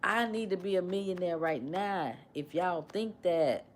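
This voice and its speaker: A woman hosting a casual livestream, animated and repetitive as she questions and mimics her commenters. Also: lowish voice, measured pace, slight background noise. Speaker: livestream host.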